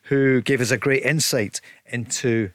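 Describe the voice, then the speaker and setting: Sports radio presenter, brisk and steering, dry studio mic. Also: male voice, mid-range voice, steady tone, dry recording. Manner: brisk presenting, hands over to guests. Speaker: radio show host. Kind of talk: live radio football show.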